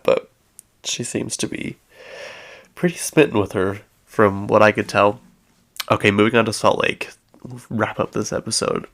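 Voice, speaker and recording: A man's voice: fairly low pitch, gravelly, fairly bright tone. A man hosting a podcast, chatting casually through a gossip recap with plenty of fillers and acted-out quotes. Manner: chatty, acts out quoted lines, frequent fillers. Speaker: podcast host.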